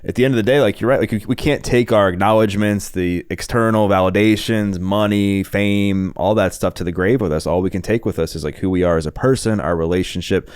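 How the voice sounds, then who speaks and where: A man's voice: on the low side, a little fast, hardly any pauses, a little mellow, clear, resonant tone, no echo, studio quality. A man hosting a podcast interview in an earnest, casual way, often using "like" as a filler. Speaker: podcast host.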